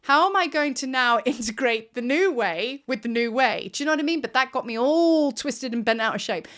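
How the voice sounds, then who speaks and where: A woman's voice: high voice, animated, fairly quick, a bit bright. Emphatic woman spiritual teacher. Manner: enthusiastic, emphatic, repeats words for effect. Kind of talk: casual spiritual vlog talk. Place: at home, recording at her desk.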